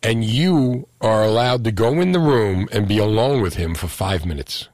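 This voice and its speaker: Chatty radio host, low voice. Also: male voice, animated, a little mellow, dry recording. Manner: chatty storyteller, quick asides. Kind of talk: casual call-in radio talk.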